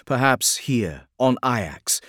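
A man narrating an audiobook in a measured, dramatic storytelling manner. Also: mid-range voice, big pitch swings, a bit bright, no room sound, clean studio sound.

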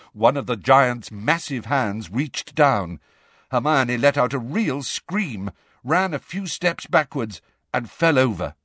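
A man narrating a storybook, expressive and varied, doing character voices. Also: mid-range voice, dry recording, clean studio sound. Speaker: audiobook narrator.

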